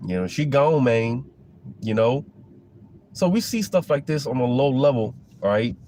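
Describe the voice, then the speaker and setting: Man, casual preaching talk, rambling with fillers, mellow dark voice, faint hiss behind. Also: mid-range voice, animated, normal speed. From Florida. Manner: loose, rambling, with frequent fillers and restarts. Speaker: religious commentator.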